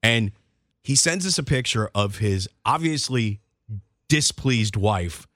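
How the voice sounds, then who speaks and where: A man hosting a casual chat, telling stories in a jokey, animated way. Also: mid-range voice, slow, no echo, studio quality. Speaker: podcast host.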